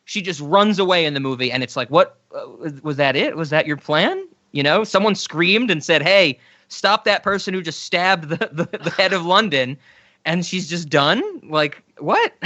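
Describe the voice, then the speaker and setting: A man's voice: on the high side, moderate pace, sharp tone, dry recording, lo-fi sound. A man co-hosting a film podcast, chatting casually, often laughing and quoting scenes in mock voices. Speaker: podcast co-host.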